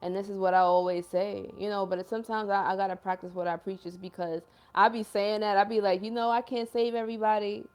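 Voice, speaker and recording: A woman's voice: mid-range voice, fairly even intonation, brisk, hardly any pauses. A young woman hosting a livestream as a self-described healer, talking in earnest, emotional casual chat full of slang like "yo" and "y'all" while reading out viewer comments.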